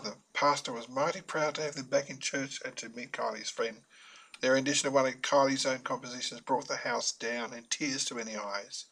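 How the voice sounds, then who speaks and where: A man's voice: mid-range voice, fairly bright tone, low-quality recording. A man with a mid-range voice reads his own story aloud in a chatty, wry style. He slips in joking asides between plain narration, as in a homemade audiobook. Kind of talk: self-published audiobook narration.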